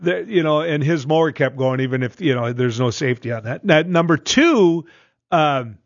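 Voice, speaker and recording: A man's voice: a little high, lively intonation, moderate pace, no echo, lo-fi sound. A man co-hosting a radio show, telling a rambling story in casual banter, full of restarts and asides. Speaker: radio co-host.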